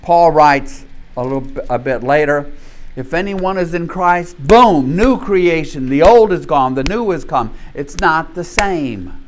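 A man's voice: fairly high pitch, unhurried, a little hiss or hum. A man from North Louisiana teaching a Bible study in a conversational way, often checking in with the group and telling stories with animation. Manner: animated storyteller.

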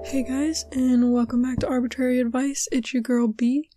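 A young woman hosting a podcast in casual chat, rambling with many fillers, her voice hoarse and giving out. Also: sits high, fairly even intonation, normal speed, loud music behind the voice. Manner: rambling, filler-heavy, ranting. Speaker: podcast host.

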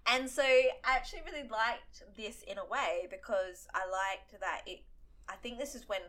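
A young woman co-hosting a casual podcast chat, excitable and quick to swear, with lots of fillers. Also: fairly high pitch. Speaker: podcast co-host.

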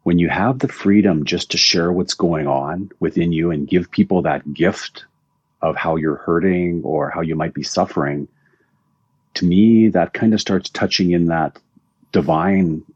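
A man's voice: sits low, normal speed, darkish tone, slightly rough, no room sound. A man, a recovery coach being interviewed, telling a long story in a rambling casual way and often repeating words. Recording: dull dry lo-fi audio.

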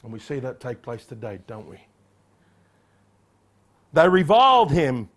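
A man preaching an expository sermon, emphatic and animated, acting out the voices in the passage he reads. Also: mid-range voice, unhurried. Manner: emphatic, acts out quoted voices.

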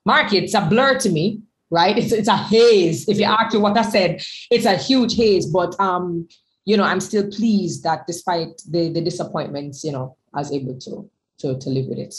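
A woman's voice: fairly low pitch, normal speed, low-quality recording. A woman guest speaker in a candid conversation, talking emphatically and repeating words as she gathers her thoughts.

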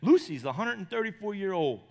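Pastor preaching in a reverberant hall. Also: male voice, sing-song, brisk, vocal fry. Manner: preachy, swinging from loud high emphasis to low quiet storytelling. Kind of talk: sermon. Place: church.

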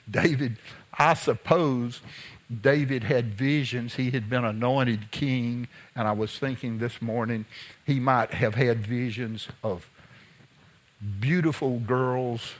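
A man preaching a sermon in a folksy, conversational way, mixing scripture with childhood stories and sometimes dropping to a hush. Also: mid-range voice. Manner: folksy, conversational, drops to a hush when telling a story. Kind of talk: sermon with personal storytelling.

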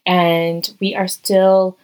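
A woman hosting her own podcast from a guest bedroom, talking casually and warmly into a close mic, full of "like" fillers and slipping into soft whispers. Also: lowish voice, flat delivery, very slow, low-quality recording. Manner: heartfelt, chatty, many "like" fillers, dips into whispers. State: teary-eyed. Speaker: podcast host and coach. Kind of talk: casual solo podcast talk. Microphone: close podcast mic, crouched over it.

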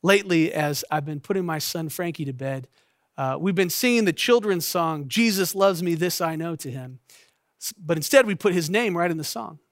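Guy pastor w a higher voice, preaching gentle and quiet, dry close mic. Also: normal speed, no echo. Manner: gentle, intimate storytelling that drops to a soft hush. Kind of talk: sermon.

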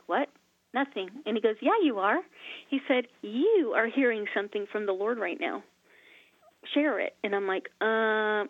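Heard over a dry, tinny line that sounds like a phone, a mid-range female host of a faith talk show shares stories with no echo. She's animated, voicing the dialogue within them as part of a casual faith conversation.

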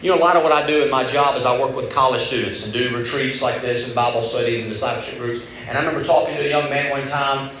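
A man's voice: medium pitch, steady tone, fast talker, hardly any pauses, a bit bright. A young man preaching a sermon at a retreat, talking in a conversational way and acting out the voices he quotes. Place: large room at a retreat. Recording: echoey room with faint background noise.

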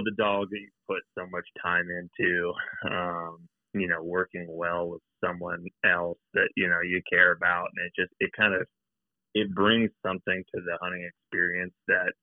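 A man with a very deep, flat voice explains dog training in an easygoing way, full of "you know". He comes through a thin, phone-like line that sounds dry. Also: moderate pace, no room sound. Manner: relaxed, steady explanations dotted with "you know". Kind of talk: casual chat.

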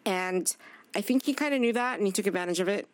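A woman's voice: medium pitch, fast talker. A woman chatting casually on a podcast, speaking candidly, swearing freely and acting out what others said. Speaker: podcast guest; chef. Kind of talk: casual chat.

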